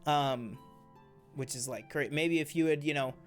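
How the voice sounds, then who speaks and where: A man with a voice on the high side co-hosts a casual TV review show, chatting enthusiastically and rambling with lots of fillers and restarts. He speaks at a moderate pace, with faint music in the background.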